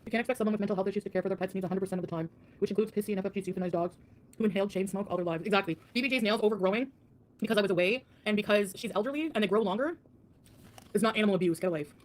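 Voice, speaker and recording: A woman's voice: medium pitch, racing. A woman livestreamer ranting defiantly, mocking her critics. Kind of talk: livestream rant.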